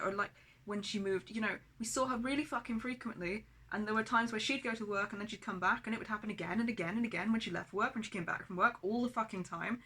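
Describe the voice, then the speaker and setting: Bright-voiced woman venting angrily. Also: medium pitch, fairly quick, breathy edge. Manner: angry, swears heavily; speaks of herself as we. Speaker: vlogger. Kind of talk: emotional personal vlog.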